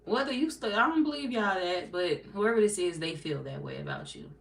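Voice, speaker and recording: A woman's voice: medium pitch, expressive, fairly quick, gravelly, fairly bright tone. A woman giving a casual, chatty tarot reading to her viewers, laughing often and slipping into playful quoted voices. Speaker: tarot reader.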